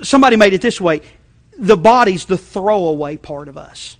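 A male pastor preaching a sermon in a conversational way, checking in with the congregation and shifting between loud emphasis and quiet asides. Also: high-pitched, animated, moderate pace. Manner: conversational, repeating check-ins, frequent restarts.

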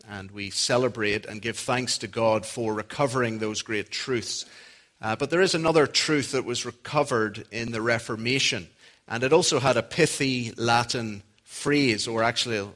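A man with a Northern Irish accent preaching a sermon, measured and deliberate with a touch of gentle humor. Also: fairly low pitch. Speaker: preacher and Old Testament professor.

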